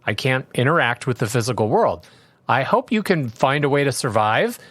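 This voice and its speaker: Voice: medium pitch, big pitch swings, normal speed, fairly bright tone, no room sound. A voice playing a chipper rambling chatbot AI. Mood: eager. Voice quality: chipper, rambling, boilerplate helpfulness. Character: overly polite chatbot AI, cheerful and unhelpful. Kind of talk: comedic reading of chatbot replies.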